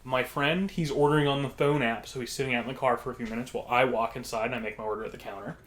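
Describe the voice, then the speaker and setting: A man's voice: medium pitch, steady tone, rapid-fire, a bit bright, a little hiss or hum. A man co-hosting a podcast, telling casual stories in a rambling way full of fillers. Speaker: podcast co-host. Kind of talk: casual storytelling.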